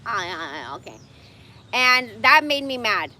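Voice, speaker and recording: A woman's voice: fairly high pitch, big pitch swings, normal speed, bright, forceful tone, a little hiss or hum. A woman in her forties ranting bluntly and profanely in a casual livestream monologue. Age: 40s.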